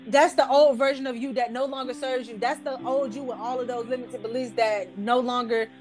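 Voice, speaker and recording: A woman's voice: fairly high pitch, brisk, over music. A young woman telling a story casually and with animation, peppered with "like" and slang. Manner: animated, slangy, repeats "like" and "I was like". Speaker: vlogger.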